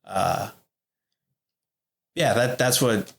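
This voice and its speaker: A blunt middle-aged man talks candidly as a podcast guest. His voice sits at an ordinary pitch, and he swears freely. He fills his sentences with "like" and "you know" as he tells the story. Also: very slow, vocal fry. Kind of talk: candid interview talk.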